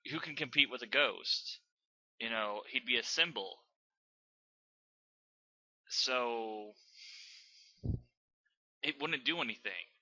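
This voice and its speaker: A man's voice: mid-range voice, slow pace, pauses often, sharp tone, no room sound. Young man, fanfic reading and rant, sarcastic, swears a lot, dry close sound, muffled lo-fi mic. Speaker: channel host reviewing fanfiction. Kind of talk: dramatic reading and rant commentary.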